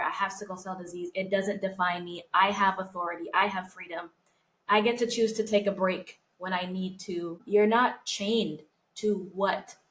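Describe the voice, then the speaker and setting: Nearly in tears, a female podcast co-host talks in a heartfelt, reflective way about her faith during a casual conversation. Her voice is mid-range, and the audio quality is poor.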